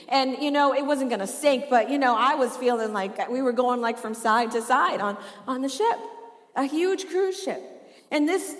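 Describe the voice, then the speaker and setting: A woman's voice: high-pitched, big-room sound. A woman preaching a sermon, chatty and laughing often, asking the congregation questions as she reads from the Bible.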